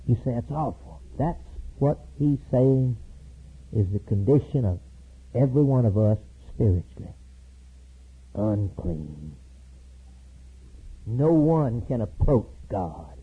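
Raspy, lively preacher man on tinny tape. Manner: preaching with sudden loud high climbs and slow emphatic repetitions. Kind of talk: sermon. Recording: tinny lo-fi recording.

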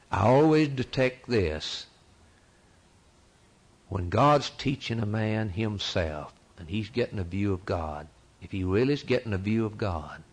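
A man preaching a sermon, possibly, swinging from loud rising cries down to hushed, quiet asides. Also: on the low side, rough recording.

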